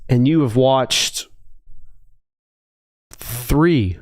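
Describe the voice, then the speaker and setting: A man co-hosting a casual sports talk show, quick to tease and push back. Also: mid-range voice, no room sound, clean studio sound. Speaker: podcast co-host.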